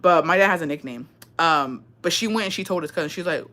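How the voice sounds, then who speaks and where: Young woman, livestream storyteller, bright edge, swears a lot, drops Spanish phrases, animated. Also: lowish voice, fast talker. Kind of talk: casual storytelling to viewers.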